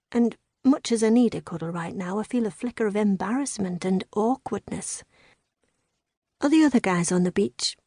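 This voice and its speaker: Mellow-voiced woman narrating a novel. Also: medium pitch, no echo, studio quality. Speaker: audiobook narrator. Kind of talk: first-person novel narration.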